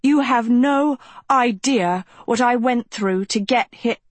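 A woman's voice: a little high, takes it slowly, no room sound, pitched above the performer's own voice. A woman voicing a blunt, determined teenage girl heroine, urgent and forthright. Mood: exasperated.

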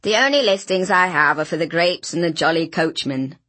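Lady reading a bored efficient phone operator, flat, kinda low and husky. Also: brisk, dry recording. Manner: flat, businesslike.

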